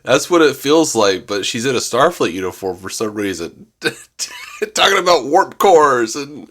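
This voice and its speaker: A man's voice: medium pitch, big pitch swings, a little slow, a bit bright. A man co-hosting a podcast in casual review chat, blunt and mocking, often laughing. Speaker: podcast co-host.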